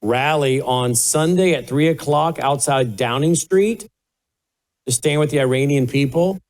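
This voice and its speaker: A man's voice: medium pitch, a little slow, a little mellow. A man hosting a talk show, asking direct questions and directing his crew. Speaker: host.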